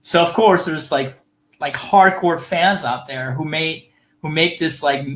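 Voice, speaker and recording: Bright-voiced man chatting casually, swearing freely. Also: a little high, a little slow, poor audio. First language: not English. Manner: loose and laughing, swears freely. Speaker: podcast co-host. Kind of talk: casual chat.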